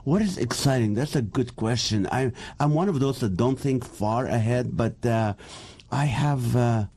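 A man from the Middle East, a native Arabic speaker, chatting as a guest comedian, animated and joking. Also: medium pitch, measured pace, breathy edge. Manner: animated, joking, laughs often. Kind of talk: casual chat.

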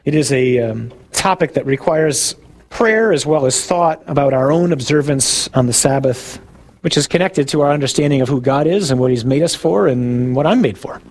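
A man, a priest, giving a sermon in a conversational, self-deprecating way, with asides to the congregation. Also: on the high side.

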